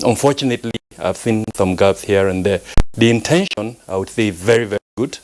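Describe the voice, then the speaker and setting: A man weighs in as a guest analyst on a live news panel. His voice sits a little low, and he talks in a measured way, stopping often with fillers and restarting his sentences. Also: a little mellow, rough recording. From Nigeria.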